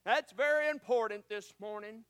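A man preaching a sermon as pastor, swinging between quiet, slow scripture reading and loud, repetitive exhortation. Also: sits high, clean tone, dry recording. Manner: preaching with rises and drops, repeating phrases.

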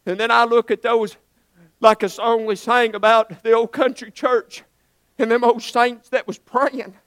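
A man delivers a folksy sermon. His voice sits very high and sounds smooth and resonant. The sound is close and dry. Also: little pitch movement, a little slow, a bit bright, no echo. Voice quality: folksy, earnest preaching with swells of emphasis. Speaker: preacher.

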